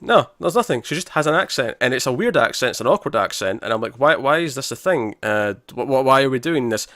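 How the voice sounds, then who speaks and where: A man's voice: medium pitch, fast talker, no room sound, clean studio sound. A man co-hosting a podcast in casual chat, acting out lines from scenes. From Scotland. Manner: animated, acts out lines from scenes. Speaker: podcast co-host.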